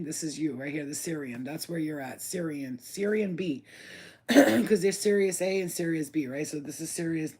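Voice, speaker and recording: A casual card reader talks straight to the camera in loose street slang, swearing freely and getting worked up over each card. The voice sits at a middling pitch over a faint hiss of background noise. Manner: slangy, profane, excitable, talks straight to the viewer.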